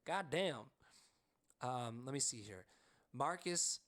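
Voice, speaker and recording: A man co-hosting a podcast, telling a story in an animated, excitable way and leaning on the word "like.". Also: medium pitch, slow pace. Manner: frequent "like" fillers. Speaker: podcast co-host. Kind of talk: casual storytelling chat.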